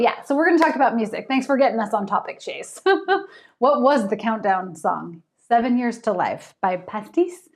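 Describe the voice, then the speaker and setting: A woman author hosting a casual livestream, chatting with viewers and laughing often. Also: medium pitch.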